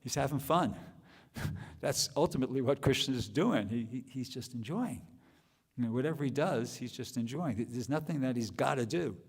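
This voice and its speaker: A man's voice: medium pitch, expressive, normal speed, breathy edge, long reverb tail. A man giving a scripture class, thinking aloud with restarts and rhetorical questions.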